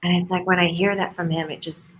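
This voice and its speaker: A woman's voice: on the low side, flat delivery, brisk, a little hiss or hum, poor audio. A woman hosting a casual interview, gushing and effusive as she talks. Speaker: host.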